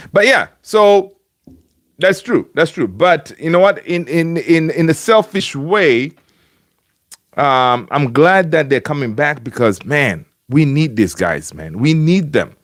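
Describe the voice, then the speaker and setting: His voice is a little high and sing-song, with a slightly slow delivery. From home, he runs a laid-back fan stream, chatting to viewers by name while often restarting and filling pauses. The webcam streaming rig still yields a dry, clean studio sound.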